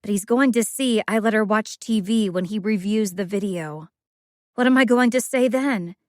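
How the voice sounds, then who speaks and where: A woman's voice: medium pitch, moderate pace, darkish tone, no room sound. A woman narrates a first-person thriller audiobook in a mid-range voice. She reads it as an anxious, brooding inner monologue. The recording is dry and close.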